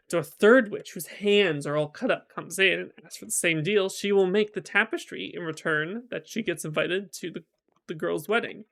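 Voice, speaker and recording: A man's voice: high-pitched, moderate pace, vocal fry, fairly bright tone. A male streamer casually retelling a folk tale, chatty and rambling with lots of fillers. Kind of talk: casual storytelling while gaming.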